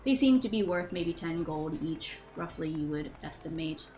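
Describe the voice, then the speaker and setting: A woman narrating a tabletop game as game master, relaxed and hesitant with many fillers. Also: low-pitched, normal speed, soft background music, poor audio.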